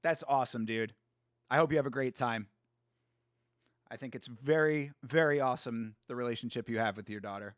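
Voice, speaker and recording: A man hosting a casual live watch-along, excitable and profane, trash-talking fighters, reading viewer chat aloud and laughing often. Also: medium pitch, fairly quick, dry recording, clean studio sound. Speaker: host.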